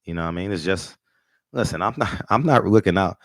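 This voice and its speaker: A man with a deep, low voice talks casually as the host of a boxing talk show. He is brash, boastful and profane, and he stumbles and restarts his sentences. The sound is dry and close. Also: animated, fairly quick, no room sound.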